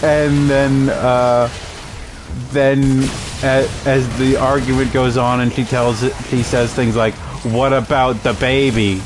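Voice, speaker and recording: A man's voice: medium pitch, level tone, takes it slowly, noisy background. A man casually commenting over a game he is playing, telling rambling, amused stories. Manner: rambling, amused storytelling with fillers. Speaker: gameplay streamer.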